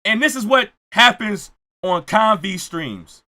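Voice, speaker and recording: A man doing comedic reaction commentary, ranting loudly and often shouting his punchlines. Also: sits high, expressive, takes it slowly, a little hiss or hum. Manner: repeats jokes for effect. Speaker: reaction streamer.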